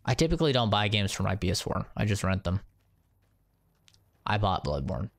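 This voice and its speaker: Male streamer, casual chat, lively swooping pitch, profane, laughs a lot. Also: moderate pace, creaky. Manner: animated, profane, laughing rants.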